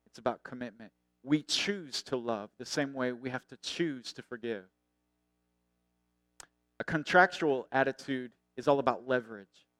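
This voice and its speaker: Middle-aged male pastor, earnest sermon delivery, smooth resonant voice, soft drops to near-whisper. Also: medium pitch, no room sound. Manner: earnest preaching that swells and then drops to a hush.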